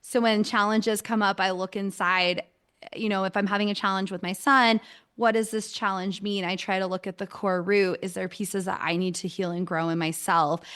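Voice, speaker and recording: A woman's voice: mid-range voice, steady tone, moderate pace, a bit bright, clean tone. A woman who is a parent of young children, speaking earnestly and reflectively in a casual podcast conversation. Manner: earnest and reflective, with frequent affirming murmurs.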